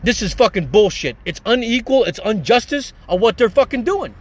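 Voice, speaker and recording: A man's voice: lively intonation, moderate pace. A man hosting a solo podcast, ranting angrily with heavy swearing and repeatedly addressing his listeners as folks. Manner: angry, profane, ranting; repeats "folks", drops low on it. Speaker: podcast host.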